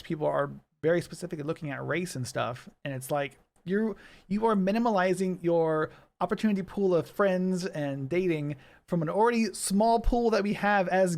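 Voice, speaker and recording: Gravelly-voiced man in casual podcast chat. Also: sits high. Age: 30s. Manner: chatty storyteller, laughs often. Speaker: podcast co-host.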